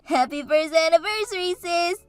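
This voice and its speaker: A woman's voice: very high voice, moderate pace, faint music behind. A woman voicing Katie, a bubbly and encouraging sister and maid of honor, in a scripted story drama. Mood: cheerful.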